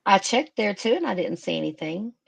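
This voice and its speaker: A woman's voice: mid-range voice, sing-song, a little fast, gravelly, slightly rough. A woman hosting a casual live stream, chatting and thinking aloud with emotion.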